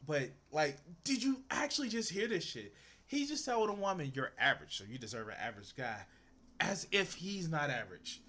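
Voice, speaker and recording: A man's voice: fairly high pitch, a bit bright, husky. A young man streaming as he draws, reacting to a video with profane, exasperated ranting. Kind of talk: casual reaction commentary.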